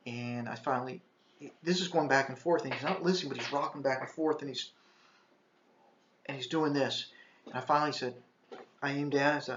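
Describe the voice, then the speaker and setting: A mid-pitched man, a retired park ranger, telling a tense story in a halting, intense way, with bursts of shouted orders. The room echoes, and the sound is a little dull and muffled. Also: steady tone, a little hiss or hum. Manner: intense, shouts quoted commands; halting, restarts often. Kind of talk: first-person storytelling.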